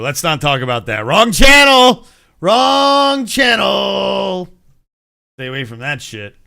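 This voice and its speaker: With a mid-range, fairly bright and smooth voice, a man in his forties from the United States hosts an informal entertainment news talk. He wanders off topic, swears, and laughs often.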